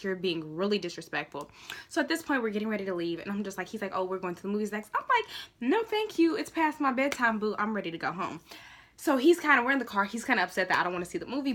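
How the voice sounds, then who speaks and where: A woman in her twenties telling a casual storytime vlog, animated and exasperated, full of slang. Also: mid-range voice. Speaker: vlogger.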